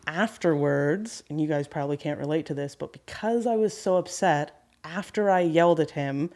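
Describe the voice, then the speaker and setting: A woman's voice: low-pitched, normal speed. A woman in her thirties, a carpentry business owner, candidly telling stories from the job as a podcast guest. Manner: candid, animated storyteller. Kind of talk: casual podcast storytelling.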